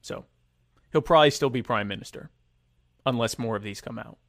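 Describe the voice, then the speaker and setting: A man in casual political chat, rambling and sarcastic, with many halting restarts. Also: mid-range voice, a bit bright, no room sound, clean studio sound.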